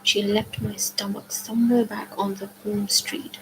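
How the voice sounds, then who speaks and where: A woman reading a novel aloud, softly and often half-whispered. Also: mid-range voice, flat delivery, unhurried, hardly any pauses, a little hiss or hum, poor audio. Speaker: book reader.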